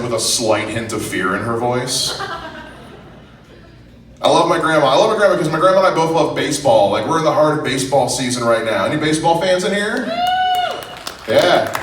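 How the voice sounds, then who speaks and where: A man's voice: medium pitch, fairly bright tone, recorded from a distance. A young man doing a profane, self-deprecating stand-up set on a comedy club stage. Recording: roomy club sound from afar, faint noise.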